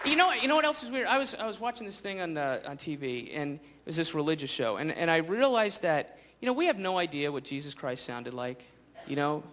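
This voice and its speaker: A man doing stand-up comedy on stage before a live audience, rambling and sardonic, slipping into quick voices. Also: on the high side, very animated, fairly bright tone. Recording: live stage with noisy crowd.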